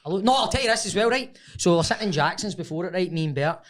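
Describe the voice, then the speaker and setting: A man's voice: sits high, lively intonation, racing, a bit bright. A Scottish man, a podcast co-host, telling a long story in casual chat and often laughing through it.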